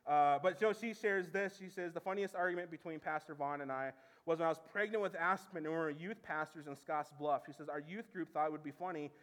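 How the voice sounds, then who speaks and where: A man in his thirties preaching as pastor, telling stories with animation and dropping low and soft for serious points. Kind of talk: sermon.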